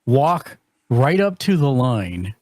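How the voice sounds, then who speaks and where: A man's voice: mid-range voice, very animated, takes it slowly, a little mellow, dry recording. A man playing a tabletop game, stumbling and hesitant as he describes his moves. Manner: hesitant, stumbling, laughing easily. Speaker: player.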